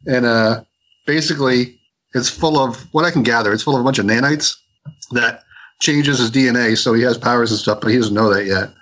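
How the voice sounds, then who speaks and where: A man's voice: mid-range voice, a little fast, a bit bright, low-quality recording. Rambling man retelling a comic. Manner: rambling retelling with many restarts. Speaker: podcast co-host. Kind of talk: casual comic book review chat.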